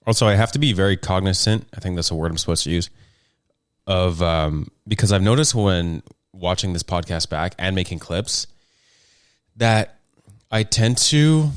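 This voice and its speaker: A young man with a low voice hosts a casual podcast, rambling along and poking fun at himself. The sound is dry and close. He talks loosely and jokes often. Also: lively intonation, moderate pace, smooth, no echo. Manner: rambling, jokey and self-deprecating. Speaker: podcast host. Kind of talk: casual solo podcast chat.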